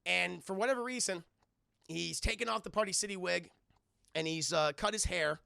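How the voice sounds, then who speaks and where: A man streaming a live film review, recapping scenes sarcastically for his chat with swearing and quick mock impressions of the characters. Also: sits high, vocal fry, clean tone, dry recording, studio quality. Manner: sarcastic, animated retelling with profanity.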